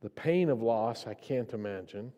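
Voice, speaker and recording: A man preaching a sermon in a church, his delivery swinging between hushed, slow stretches and raised, impassioned ones. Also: medium pitch, expressive. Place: church sanctuary. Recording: long reverb of a church hall.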